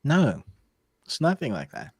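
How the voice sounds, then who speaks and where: A man's voice: mid-range voice, wildly swooping pitch, measured pace, darkish tone, breathy edge, no room sound. A man from the UK co-hosting a live movie chat, playfully contrary and opinionated. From United Kingdom. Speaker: movie podcast co-host.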